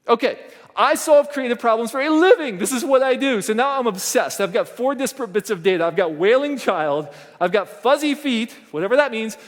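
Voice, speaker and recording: A man's voice: sits high, a little fast. A middle-aged man giving a motivational conference keynote, telling a family story and acting out the voices in it. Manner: animated storytelling, acts out quoted voices. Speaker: conference speaker. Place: conference hall stage. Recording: long reverb of a large hall.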